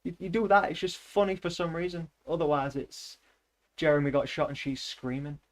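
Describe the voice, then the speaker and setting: Man, casual rambling chat, laughs a lot, swears, slightly high voice. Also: level tone, normal speed. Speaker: streamer reading aloud.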